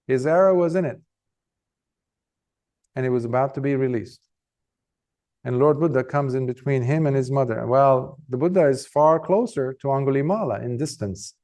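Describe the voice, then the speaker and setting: A monk teacher gives a dharma talk, his fairly high voice telling a story with lively changes in pace and emphasis.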